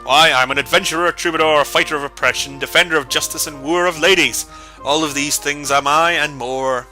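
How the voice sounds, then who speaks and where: A man's voice: fairly high pitch, steady tone, fairly quick, sharp tone, faint music behind. A man voicing a sly, sarcastic bard who speaks in mock-archaic English with dry irony. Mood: boastful. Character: sly, sarcastic male bard, theatrical and boastful.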